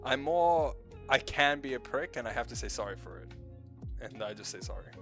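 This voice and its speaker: A man with a light New Zealand accent chats casually on his stream and keeps rambling and correcting himself as he goes. He swears freely. His pitch sits in the middle for a man, and soft music plays behind him. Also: expressive, normal speed. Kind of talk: casual chat.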